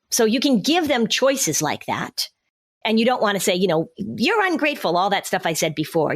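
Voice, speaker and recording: Woman explaining parenting advice on a podcast. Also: mid-range voice. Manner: explanatory, acts out parent and child lines. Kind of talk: advice-giving podcast conversation.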